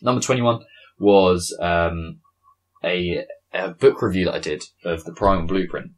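A man's voice: low-pitched, unhurried. A man hosting a solo podcast, talking casually and rambling, with frequent laughs and swearing. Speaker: podcast host. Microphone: studio podcast mic.

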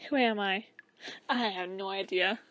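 A woman's voice: medium pitch, fairly even intonation, moderate pace, fairly bright tone, slight background noise. A young woman playing a horror game with commentary, jumpy, exclamatory and talkative. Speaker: gamer.

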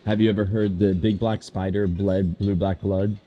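A man's voice: low-pitched, flat delivery, moderate pace, lo-fi sound, slight background noise. A man chatting casually with a friend, playful and teasing, laughing easily. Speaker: vlog companion. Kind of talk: casual chat.

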